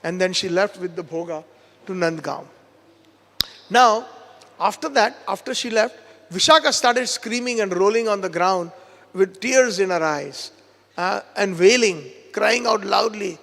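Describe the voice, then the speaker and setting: A man with a high, gravelly voice is giving a devotional lecture in a temple hall. He retells a scripture story at length and quotes each character himself. The room has a long, echoing reverb. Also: unhurried, bright, forceful tone. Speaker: spiritual teacher giving a seminar.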